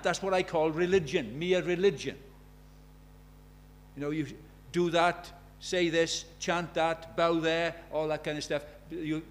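Emphatic preacher, fairly high voice. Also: male voice. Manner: emphatic, rhetorical questions, swings from loud to hushed. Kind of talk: sermon. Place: church.

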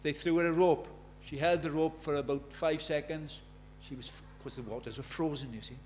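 An older man preaching an evangelistic sermon, impassioned, dropping to a hush and then rising loud. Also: a little high, steady tone, normal speed, a little hiss or hum. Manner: impassioned, swings from hushed to loud.

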